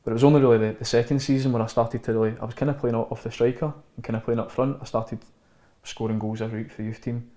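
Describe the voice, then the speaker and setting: A man in his thirties with a Scottish accent, a former footballer telling lively anecdotes in a casual interview. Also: medium pitch, racing. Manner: animated anecdotes, acts out quotes. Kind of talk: casual storytelling chat. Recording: roomy echo.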